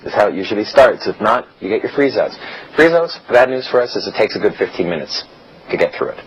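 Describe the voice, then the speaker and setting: A man's voice: on the low side, lively intonation, quick pace. Blunt, chatty male coach, lo-fi. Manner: blunt, chatty, acts out quoted dialogue. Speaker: dating coach. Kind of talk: casual seminar lecture. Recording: dull lo-fi recording with faint hiss.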